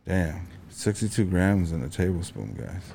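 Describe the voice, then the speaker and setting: A man hosting a casual chat, cursing freely and laughing loudly as he tells stories. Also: sits low, lively intonation, normal speed, gravelly, a little hiss or hum. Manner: profane, laughs loudly while storytelling. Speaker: podcast host.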